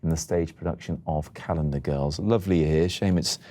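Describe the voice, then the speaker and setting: Male news anchor, very deep and mellow, talks fast. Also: steady tone. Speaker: news presenter. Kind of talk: TV news interview. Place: TV news studio.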